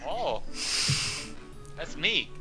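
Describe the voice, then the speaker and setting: A man's voice: a little high, sing-song, drawn-out words, pushed and bright, faint music behind, low-quality recording. A man playing in a tabletop game, laid-back and joking with crude humor. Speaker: player. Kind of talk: casual tabletop role-play.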